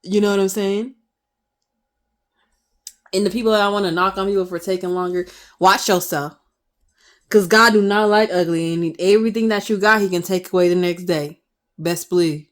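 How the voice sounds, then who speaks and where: A woman's voice: mid-range voice, fairly even intonation, normal speed, pauses often. A woman in her twenties ranting passionately to camera in her vlog, firing off emphatic rhetorical questions. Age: 20s. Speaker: vlogger.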